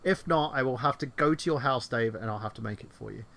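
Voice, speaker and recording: A man co-hosting a casual online chat show, rambling excitedly and swearing freely. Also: medium pitch, fast, gravelly. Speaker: podcast co-host.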